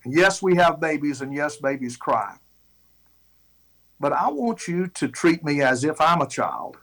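A man's voice: a little high, lively intonation, unhurried, fairly bright tone, exaggerated voice, rough recording. A man voicing a bewildered foreign missionary, pleading and flustered as he asks for an explanation. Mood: earnest.

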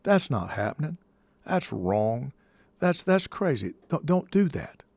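An American man hosts a call-in show, speaking casually on air in an emphatic, folksy style with preacherly touches and repeating himself for stress. His voice sits a little high, with a sing-song lilt, a measured pace, vocal fry and a darkish tone. There is no echo.

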